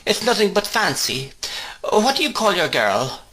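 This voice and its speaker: A man's voice: high-pitched, big pitch swings, unhurried, bright, forceful tone, pitched above the performer's own voice, heavily acted, rough recording. A man reading aloud and voicing a stern, brusque older aunt who gives orders. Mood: commanding. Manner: clipped, emphatic, bossy delivery. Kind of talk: storybook reading.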